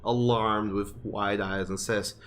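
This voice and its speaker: A man's voice: lowish voice, flat delivery, fairly bright tone. Man narrating as game master. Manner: slow, halting narration with restarts.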